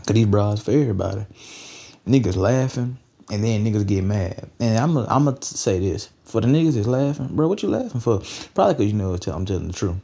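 A man's voice: lowish voice, lively intonation, quick pace, creaky, dark tone. A young man hosting a solo podcast, blunt and profane, repeating lines for emphasis. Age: young adult. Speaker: podcast host. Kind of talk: casual solo podcast rant.

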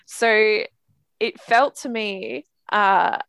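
A woman's voice: mid-range voice, very slow, gravelly, a bit bright, clean tone, dry recording. Chatty woman musing over a book. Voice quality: chatty, many fillers and "like". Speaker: podcast co-host discussing books. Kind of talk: casual book chat.

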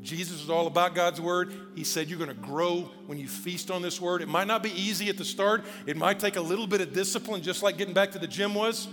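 High-voiced preaching man in a reverberant hall. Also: a little fast, hardly any pauses. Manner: conversational, animated preaching with asides. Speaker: pastor. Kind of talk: sermon. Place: church auditorium. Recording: long church hall reverb with faint music.

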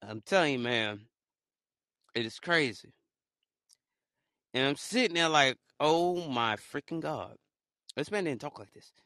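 A young man talking casually in a rambling solo monologue, swinging between low mutters and loud excited outbursts. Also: a little slow, long pauses, no room sound, studio quality. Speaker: podcaster.

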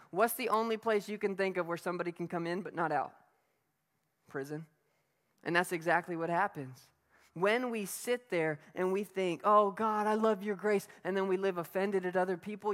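A preacher giving a sermon in an emphatic, conversational way, asking the listeners rhetorical questions. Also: mid-range voice. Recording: long reverb of a hall.

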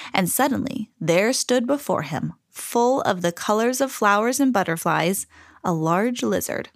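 A woman reading a children's storybook aloud in an expressive, animated way. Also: mid-range voice, moderate pace, dry recording, clean studio sound.

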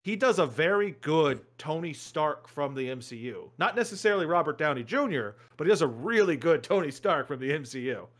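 A man's voice: on the high side, lively intonation, brisk, few pauses. A man co-hosting a casual chat, eager and rambling with lots of fillers. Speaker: podcast co-host.

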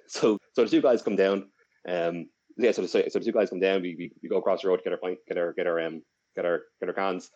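A man's voice: sits low, fairly even intonation, quick pace, a little mellow, lo-fi sound. A young Irish man co-hosting a podcast, telling a long story in a rambling, casual way with many restarts. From Ireland. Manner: rambling, with frequent restarts and fillers. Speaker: podcast co-host.

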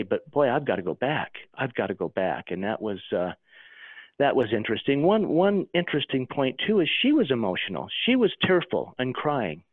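A man recounting a deeply personal experience as an interview guest, earnest and halting, often restarting his sentences. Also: no room sound. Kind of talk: emotional personal account. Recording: tinny phone line.

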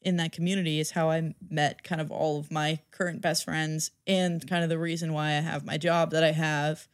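A woman's voice: low-pitched, flat delivery, normal speed, clear, resonant tone, no echo, studio quality. A woman in her twenties, a podcast guest chatting casually about college, who fills her talk with "like" and laughs often. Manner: laughs often, says "like" a lot. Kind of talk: casual chat.

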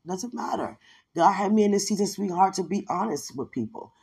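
Breathy woman giving a fervent testimony. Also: medium pitch, lively intonation, a little fast, a little mellow. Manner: fervent and rambling, with many fillers. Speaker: podcast host giving a testimony. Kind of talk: devotional testimony monologue.

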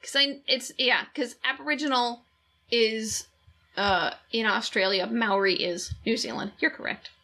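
A woman co-hosting a podcast in casual chat, chatty and animated, swearing freely. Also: fairly high pitch, a little slow. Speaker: podcast co-host.

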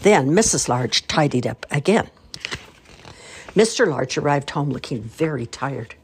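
An older woman reads a children's picture book aloud with an expressive, warm storytelling manner. Her voice is low and husky and rises and falls with lively movement. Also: a little slow. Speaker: grandmother reading aloud.

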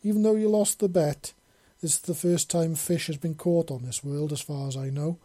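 A man puts on a gruff old space fisherman, stern and boastful, pitched up high and loud above his own voice. He sounds husky and mellow, recorded dry and close. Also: normal speed, no echo, natural voice. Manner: stern, boastful, calls her lassie.

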